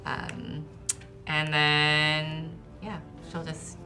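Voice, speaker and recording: A woman playing a tabletop game, calmly thinking aloud through her character's actions. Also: low voice, extremely slow, music in the background. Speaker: player. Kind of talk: casual tabletop game play.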